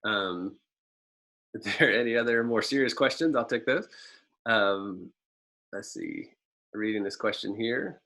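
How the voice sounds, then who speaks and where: A man's voice: on the low side, a little slow, long pauses, bright, forceful tone, rough recording. A man presenting a marketing webinar over a video call, telling a folksy story with lots of ums and uhs.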